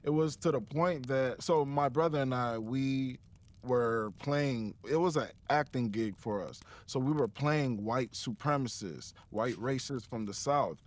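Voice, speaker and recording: A man from Chicago, guesting on a podcast, tells his story in halting bits full of restarts. He chuckles between phrases. His voice sits mid-range. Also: mid-range voice. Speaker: interview guest. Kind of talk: casual interview chat.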